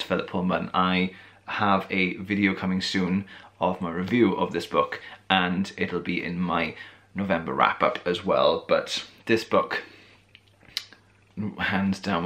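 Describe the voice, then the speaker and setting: Low gravelly guy from wales rambling over a cup of tea in his bedroom, bit tired, voice going. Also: a bit bright. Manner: chatty, rambling, friendly. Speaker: vlogger. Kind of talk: casual chat.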